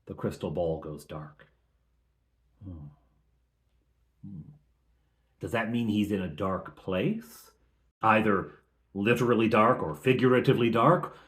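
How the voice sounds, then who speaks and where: A man recapping a tabletop game session as game master, talking conversationally and thinking aloud with frequent restarts. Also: lowish voice.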